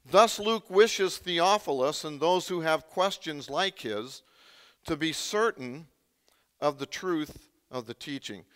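A male pastor delivers a sermon in a fairly high, bright, forceful voice. He preaches conversationally and keeps quizzing his listeners. The sound rings with a long reverb, like a big hall. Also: expressive, takes it slowly, smooth.

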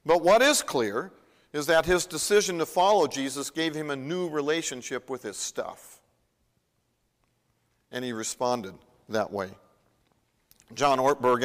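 A man preaching a sermon in a conversational way, acting out the Bible dialogue as he retells it. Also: mid-range voice. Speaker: pastor. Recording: long reverb of a large hall.

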